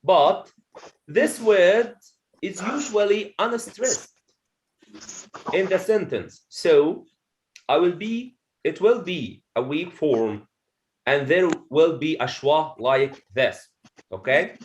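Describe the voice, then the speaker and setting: A man teaches pronunciation to a class, with a fairly high voice that swings widely in pitch. He speaks slowly and deliberately, repeats his points and keeps asking the room "okay?". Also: animated, slight background noise. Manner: slow, repeats each point, checks with "okay?". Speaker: English teacher. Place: classroom with students.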